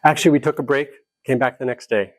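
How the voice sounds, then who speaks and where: A man speaking as a conflict mediator at a seminar, telling a story with animated energy and acting out the people in it. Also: mid-range voice, fast talker, no echo. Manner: animated, acts out quoted dialogue in the story. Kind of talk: storytelling lecture to a live group.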